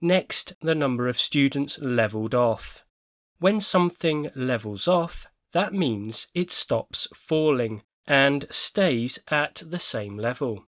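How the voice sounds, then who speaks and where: A man teaching English vocabulary in a scripted lesson, explaining words clearly and carefully with attention to stress. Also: mid-range voice, expressive, takes it slowly, fairly bright tone, no room sound.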